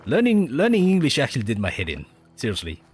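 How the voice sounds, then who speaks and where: Over faint game music, a man chats casually while streaming a game, often rambling and chuckling in a mixed Spanish and Australian accent, Spanish being his first language. He talks fast at a medium pitch with wildly swooping intonation, a darkish tone and a breathy edge.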